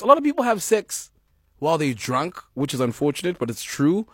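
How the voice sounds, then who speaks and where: A man co-hosting a radio talk show, joking and animated, mixing in local words. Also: on the high side, a little fast, slightly rough, no room sound, clean studio sound. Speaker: radio co-host. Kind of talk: casual chat.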